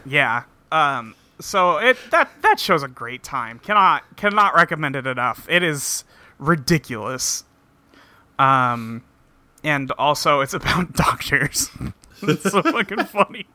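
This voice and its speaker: Bright-voiced man recapping a show casually. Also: fairly high pitch, big pitch swings, no echo. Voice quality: swears casually, acts out characters' lines in quick voices. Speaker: podcast host recapping a show.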